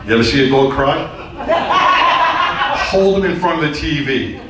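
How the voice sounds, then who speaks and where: Performing stand-up for a live theater audience, this middle-aged comedian tells rambling, loose stories capped with crude punchlines. His voice is fairly high, animated and at normal speed. The recording has a distant, very echoey room sound and slight noise.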